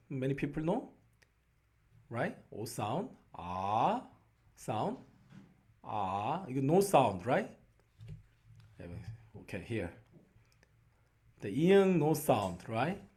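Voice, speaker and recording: Korean guy teaching beginners, slow and patient, keeps asking right?, mid-pitched voice. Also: darkish tone. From South Korea. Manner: slow, patient, repeats "right?" to check on learners. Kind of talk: beginner language lesson.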